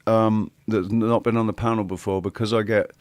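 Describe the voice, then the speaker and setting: A man's voice: on the low side, fairly even intonation, moderate pace, no room sound. A man hosting a livestream panel in casual chat, rambling and restarting his sentences and swearing freely.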